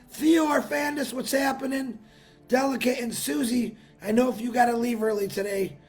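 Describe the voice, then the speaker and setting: High-voiced, worn-out male livestream host. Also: creaky. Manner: upbeat, calls out viewers by name with bursts of excitement. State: worn-out voice from a busy weekend. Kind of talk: live stream chat greeting viewers.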